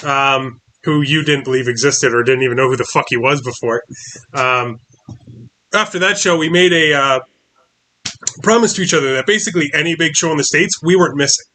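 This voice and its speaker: A man hosting a relaxed interview, with a fairly high, very bright voice. He talks loosely, padding his sentences with ums and likes. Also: fairly quick. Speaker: host. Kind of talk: casual interview.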